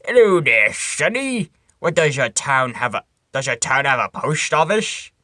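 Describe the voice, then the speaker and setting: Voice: mid-range voice, big pitch swings, measured pace, sharp tone, no echo, studio quality. A reader putting on a crotchety old man's voice while reading a poem aloud. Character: crotchety old man asking directions.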